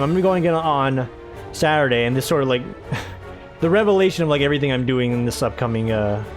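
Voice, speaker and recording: A man casually commentating his own game playthrough, rambling, tripping over his words and swearing offhandedly. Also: mid-range voice. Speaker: let's play host.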